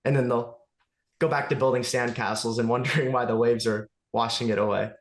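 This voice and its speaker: Male podcast guest, earnest and reflective, average pitch, roomy echo. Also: fairly even intonation, fairly quick. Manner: earnest, reflective, thinking aloud. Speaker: guest, movement studio owner. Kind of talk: casual conversation.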